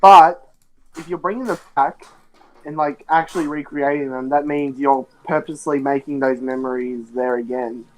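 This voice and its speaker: A man chiming in on a live stream with offhand remarks. He pauses and fills gaps with "um" and "like" as he thinks. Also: mid-range voice, fairly even intonation, poor audio. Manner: offhand, hesitant, many fillers. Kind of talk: casual chat.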